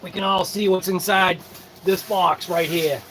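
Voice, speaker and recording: Tired male host, high-pitched, easygoing live-chat delivery, faint background noise. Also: steady tone, measured pace. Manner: tired, yawning, laid-back and chatty. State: sleepy. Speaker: RC channel host. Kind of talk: casual live-stream chat.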